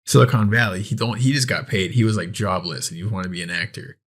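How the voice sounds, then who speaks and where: A man's voice: on the low side, fast, breathy edge. A young man co-hosting a podcast, chatting loosely and swearing while enthusiastically recommending shows. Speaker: podcast co-host. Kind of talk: casual chat.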